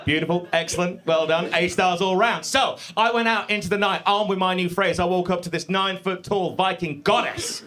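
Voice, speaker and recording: A man doing a live stand-up set in a comedy club, profane and animated, speaking into a stage mic. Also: high voice, brisk, hardly any pauses. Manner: profane, animated, mock-confident.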